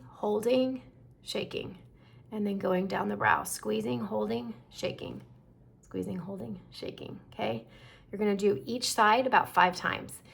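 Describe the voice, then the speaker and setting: A middle-aged woman, an esthetician, calmly walking viewers through a skincare demonstration and checking in often. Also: mid-range voice, creaky, husky. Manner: calm instructive, checks in with "okay?".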